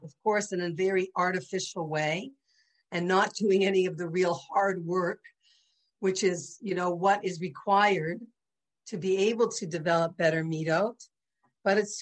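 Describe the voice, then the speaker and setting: A woman's voice: on the low side, low-quality recording. A woman teaching a conversational religious class. She often checks in with her listeners with "you know" and "right?". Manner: chatty, full of "you know" and "right?" asides.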